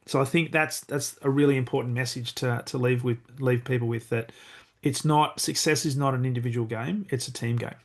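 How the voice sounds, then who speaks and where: A man's voice: medium pitch, fairly even intonation, fairly quick. A middle-aged man hosting a podcast, reflecting on a guest's story and summing up its lesson. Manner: reflective, thinks aloud with restarts. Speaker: podcast host. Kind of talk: podcast interview.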